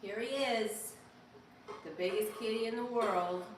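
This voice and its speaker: A woman with a slightly high voice talks a bit slowly, with a little hiss or hum in the audio. She's hosting a casual live stream, reading viewer comments aloud and reacting playfully as she chats. The mic is distant in an echoey room with faint ambient sound.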